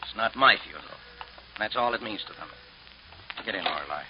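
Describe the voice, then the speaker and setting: An actor playing a determined, crusading newspaper editor who speaks earnestly and with indignant force in an old radio drama. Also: male voice, low voice, expressive, a little fast. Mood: resolute. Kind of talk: 1950s radio drama acting. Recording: dull lo-fi old radio broadcast, faint hiss.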